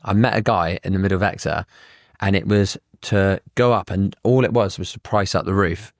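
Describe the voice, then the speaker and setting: A man's voice: deep voice, fairly quick, dry recording, studio quality. A man, a surveyor, telling blunt anecdotes in casual podcast chat and swearing freely.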